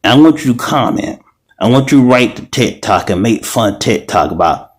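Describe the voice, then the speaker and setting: A man's voice: medium pitch, animated, normal speed. A man in an angry, profane vlog rant, repeating himself and stumbling over words as he talks heatedly. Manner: profane, heated, repetitive ranting; stumbling restarts. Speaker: video creator.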